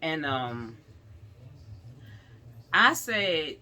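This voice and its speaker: A woman's voice: sits low, big pitch swings, extremely slow, bright, forceful tone. A woman vlogger chatting to her viewers in a rambling storytime, often calling them y'all.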